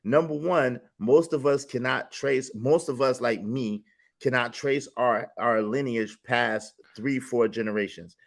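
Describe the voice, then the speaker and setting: A man hosting a casual panel discussion who jumps in, talks in slang and reads out viewer comments with animated reactions. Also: medium pitch, a little slow, vocal fry. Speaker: podcast host.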